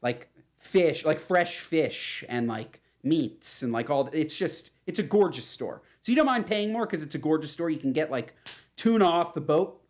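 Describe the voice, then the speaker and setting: A woman's voice: sits low, expressive, moderate pace, a little mellow. A woman in her thirties co-hosting a casual chat, playful and rambling, teasing her partner. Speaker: podcast co-host.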